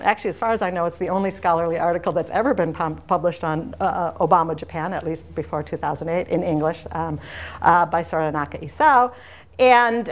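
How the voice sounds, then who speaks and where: A woman lecturing to an audience in a lecture room, in a discursive, anecdotal way that wanders into side stories. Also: on the low side. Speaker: university lecturer. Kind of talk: academic lecture.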